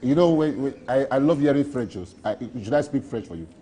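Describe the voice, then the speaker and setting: A man's voice: mid-range voice, animated, a little fast, dark tone, a little hiss or hum. A Nigerian man in a street interview, rambling playfully and boasting, repeating his phrases.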